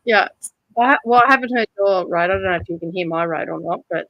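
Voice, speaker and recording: Speaking fast at medium pitch, with no room sound and the highs cut off, an Australian woman runs a reading-sprint livestream from her home beside a side street. The talk is casual and chatty, full of laughter and mild swearing.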